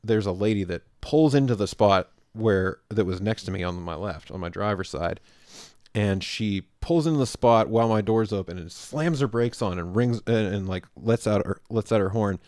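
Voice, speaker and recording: A man with a fairly low voice tells a rambling story on a podcast. He acts out the quoted lines and laughs a lot. The sound is dry and close to the mic. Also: normal speed, a little mellow, dry recording. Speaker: podcast co-host. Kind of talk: casual storytelling chat.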